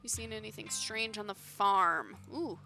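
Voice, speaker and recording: Bright-voiced woman streamer reading game dialogue. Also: medium pitch, unhurried, gravelly, faint music behind. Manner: chatty, reads dialogue aloud, self-commenting. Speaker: streamer playing a narrative game.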